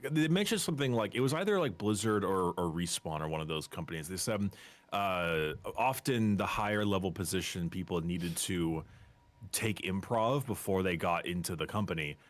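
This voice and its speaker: A man's voice: deep voice, expressive. A man chatting as a podcast guest, rambling and restarting his sentences often. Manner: rambling, halting with many restarts. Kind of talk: casual chat.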